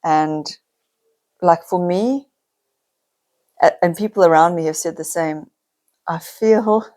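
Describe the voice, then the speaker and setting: Woman, middle-aged, personal vlog, heartfelt, close to tears, lowish voice. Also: takes it slowly, a little mellow. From South Africa. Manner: emotional, near tears at times; heartfelt, confiding. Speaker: vlogger.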